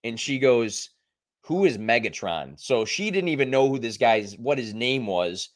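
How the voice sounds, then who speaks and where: A young adult man co-hosting a podcast and telling stories in a casual, animated way, acting out the quoted lines. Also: medium pitch, normal speed. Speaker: podcast co-host. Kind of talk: casual storytelling chat.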